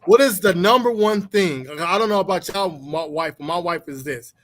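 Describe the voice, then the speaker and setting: A man co-hosting a casual chat, blunt and profane, animated as he tells stories. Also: moderate pace. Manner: animated storytelling, mimics others in high voice. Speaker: podcast co-host.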